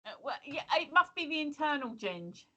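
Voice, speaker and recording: Her voice is high-pitched and sing-song, pushed and bright, at a moderate pace, captured on a low-quality recording. She is an English woman in her 50s co-hosting a casual livestream from home, telling meandering stories with many ums and restarts.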